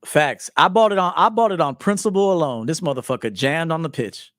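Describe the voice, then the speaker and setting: A man in his forties, a men's life coach, telling stories in a profane, animated casual monologue, acting out quotes. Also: on the high side, fairly quick, dry recording, studio quality. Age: 40s. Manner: profane, animated storytelling with acted quotes and laughs.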